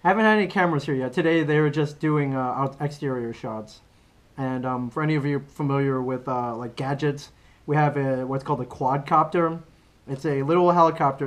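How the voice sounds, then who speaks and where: A man co-hosting a podcast, chatting casually and telling a story with loose restarts and fillers. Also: medium pitch. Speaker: podcast co-host. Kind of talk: casual chat.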